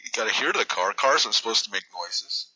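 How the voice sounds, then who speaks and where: A man's voice: fairly low pitch, expressive, quick pace, a crowd in the background. A man making a prank phone call, rambling and acting confused and hurt. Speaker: prank caller.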